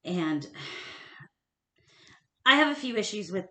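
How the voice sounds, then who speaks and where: A woman's voice: mid-range voice, big pitch swings, very slow, sharp tone, echoey room. A woman co-hosting a casual history podcast, talking emphatically and laughing often. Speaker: podcast co-host.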